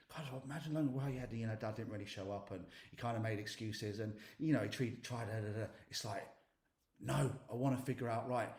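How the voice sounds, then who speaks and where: A man coaching a group on mindset, talking bluntly and with emphasis and swearing without a second thought. His voice sits at an ordinary male pitch, and the recording carries a noticeable roomy echo. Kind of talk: motivational coaching session.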